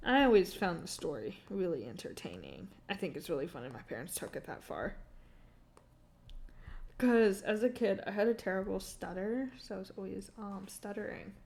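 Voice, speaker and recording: Young woman streamer with a gravelly edge. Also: medium pitch, big pitch swings, moderate pace, pauses often. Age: young adult. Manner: rambling, full of "like" and "um", laughing often. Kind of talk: casual storytelling while drawing on stream.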